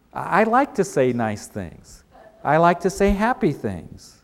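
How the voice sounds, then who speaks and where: A man's voice: a little high, sing-song, measured pace. Man preaching in a storytelling way. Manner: storytelling with repeated emphatic phrases. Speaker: pastor. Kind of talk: sermon.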